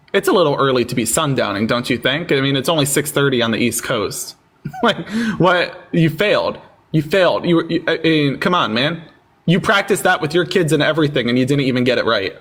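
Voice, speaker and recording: Animated sarcastic man hosting a livestream. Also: mid-range voice. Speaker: livestream debate host. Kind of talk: casual live-stream chat and debate.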